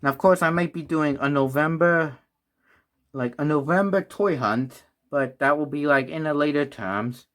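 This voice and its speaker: At a moderate pace and with a fairly bright, fairly high voice, a toy reviewer rambles through his casual vlog. He restarts repeatedly, sighs, and seems short of breath.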